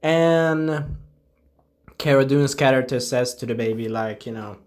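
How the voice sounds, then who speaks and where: A young man casually reviewing a show, excitable and swearing, acting out scenes in quick little voices. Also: medium pitch.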